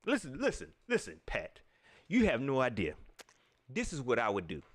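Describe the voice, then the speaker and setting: Animated man ranting on a sports show. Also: medium pitch, normal speed. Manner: animated ranting, laughs often, talks to viewers. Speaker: sports talk show host. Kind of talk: casual livestream commentary.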